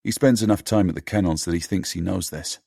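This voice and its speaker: A man narrating an audiobook in a steady, measured storytelling manner. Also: sits low, gravelly, slightly rough, no room sound, clean studio sound.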